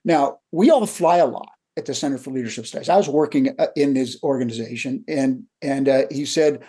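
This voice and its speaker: Older man telling stories, mellow husky voice. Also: mid-range voice, brisk, few pauses. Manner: animated storyteller who acts out quotes. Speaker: leadership coach guest. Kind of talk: conversational storytelling.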